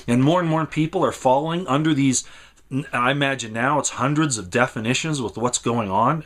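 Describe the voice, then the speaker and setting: A man with a mid-range voice delivers an impassioned monologue. He talks emphatically and rambles, often repeating words. His delivery swings between raised, insistent stretches and quieter, lower ones. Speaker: commentator.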